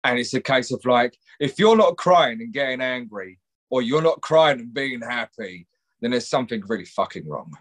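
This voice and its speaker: A man's voice: medium pitch, animated, moderate pace. A man, a mental health counsellor, speaking as a guest in a candid podcast conversation, rambling and swearing freely.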